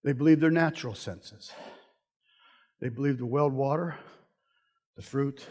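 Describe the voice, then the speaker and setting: A man preaching a sermon with animated delivery, acting out the voices he quotes. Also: medium pitch, unhurried, rough recording.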